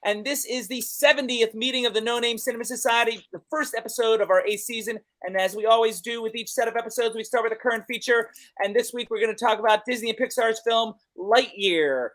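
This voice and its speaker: A man's voice: very high voice, quick pace, few pauses, a bit bright. A man hosting a film review show, chatty and upbeat with a joking manner. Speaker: host. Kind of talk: casual podcast chat.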